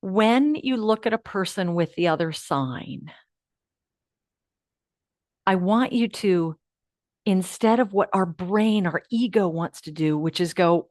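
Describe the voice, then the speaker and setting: A woman hosting a live online class, guiding listeners through affirmations in a coaching manner that moves between hushed and lively. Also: medium pitch, slow, pauses often, dry recording, studio quality. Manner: warm coaching, swings from hushed to animated. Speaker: host of an uplift program.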